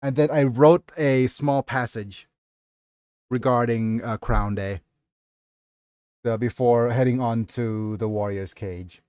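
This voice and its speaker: Brief: male streamer, unhurried and halting, apologetic, dry close sound. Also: mid-range voice, a little mellow, smooth, dry recording. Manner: halting and apologetic, many fillers. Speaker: livestreamer and novelist. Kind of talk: casual livestream chat about his writing.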